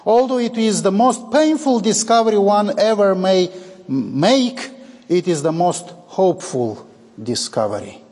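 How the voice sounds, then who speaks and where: Male preacher, dramatic sermon delivery, husky, big hall reverb. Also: high-pitched, expressive, a little slow, darkish tone. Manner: dramatic, acts out quoted dialogue.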